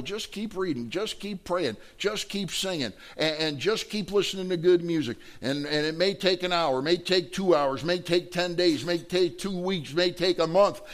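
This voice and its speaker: A man, a pastor delivering a sermon in a folksy, animated way with lots of repetition. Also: on the high side.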